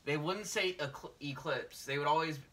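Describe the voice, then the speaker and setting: A man's voice: fairly high pitch, normal speed, a bit bright. A man chatting casually on a podcast, joking bluntly and swearing now and then. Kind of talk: casual chat.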